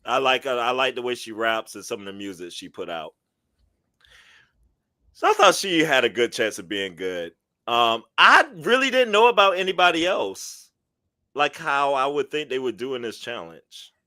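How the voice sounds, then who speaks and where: A man's voice: medium pitch, lively intonation, moderate pace, pushed and bright, dry recording, studio quality. A man co-hosting a podcast, chatting casually and rambling with fillers as he recaps episodes. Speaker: podcast co-host.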